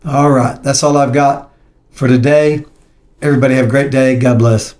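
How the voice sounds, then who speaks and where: A man preaches a sermon, reading scripture aloud between plain comments, speaking haltingly and often repeating words and restarting. His voice is medium-pitched and a little mellow, with fairly even intonation.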